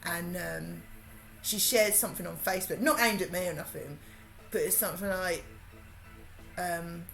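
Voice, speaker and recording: Woman, Birmingham accent, lowish voice, rambling laughing livestream chat, faint music behind. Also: expressive, moderate pace, creaky, long pauses. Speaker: livestream host. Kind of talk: casual chat while crafting.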